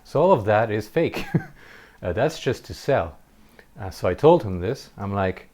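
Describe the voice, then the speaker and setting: A man with a fairly low voice chats over gameplay footage, sharing a personal story. He sounds earnest and reflective, and he often breaks off to restart a sentence. Now and then he lets out a short laugh. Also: expressive, a little slow, a little mellow. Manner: occasional short laughs while telling a story. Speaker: gameplay commentator.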